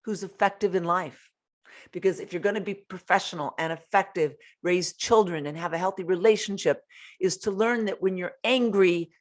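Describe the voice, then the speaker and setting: A woman hosting a self-help podcast, giving earnest, frank advice and swearing casually. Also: mid-range voice. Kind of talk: motivational self-help talk.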